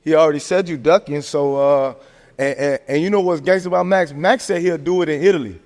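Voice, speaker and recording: A man with a fairly high voice rants animatedly in casual, slang-heavy sports talk, leaning on fillers as he goes. He hosts the show, and a long reverb trails behind every word. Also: brisk, darkish tone. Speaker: podcast host.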